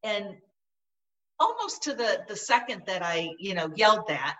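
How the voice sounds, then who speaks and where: A middle-aged woman telling a personal story in conversation, earnest and halting, often restarting her sentences. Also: medium pitch, sing-song, fairly bright tone, far from the mic, dull audio. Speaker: guest.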